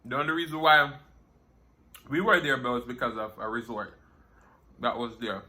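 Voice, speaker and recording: A young man with a Jamaican accent, a food vlogger, chats casually and tells stories while eating in a mukbang. His mid-range voice is bright and forceful at a moderate pace, and he laughs often and slips into Patois.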